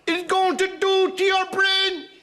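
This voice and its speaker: An Irish man voicing a prim, preachy old nun in a shrill falsetto. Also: little pitch movement, slow pace, bright, forceful tone, full character voice. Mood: scolding.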